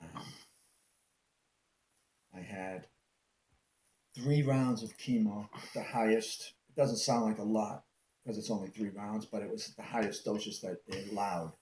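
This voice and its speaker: A man with a fairly low voice tells his own story in an interview. He is animated and acts out the back-and-forth as he recounts it. The recording has a noticeable roomy echo. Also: unhurried, pauses often, a little hiss or hum. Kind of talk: personal storytelling.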